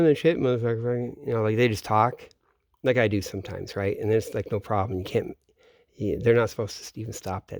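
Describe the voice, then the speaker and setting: A man with a fairly low voice talks in a loose, rambling monologue, swearing freely and drifting from thought to thought. He often breaks off sentences and starts them over. The sound is dry and close, with almost no room around him. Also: a little mellow, dry recording. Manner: profane, meandering, trails off mid-sentence. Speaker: vlogger. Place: home in Florida, at night.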